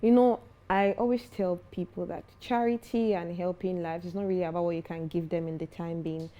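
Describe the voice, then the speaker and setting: A young foundation founder, guesting on an interview, speaks with earnest conviction at a slightly fast clip. Her voice sits a little low and sounds mellow instead of bright, and she gets animated telling stories. The recording is muffled.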